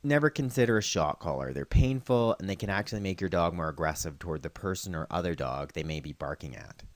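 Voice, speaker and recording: A man working as a veterinarian host, explaining dog training in a calm, instructional way. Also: low-pitched, fast talker, dry recording. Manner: calm instructional, calling dogs loudly and praising them. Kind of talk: scripted narration with outdoor demonstration.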